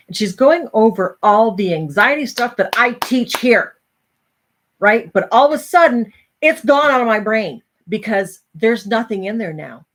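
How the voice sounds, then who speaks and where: A middle-aged woman host telling a personal story to an audience, animated and acting out the voices of others. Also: on the high side, a little slow.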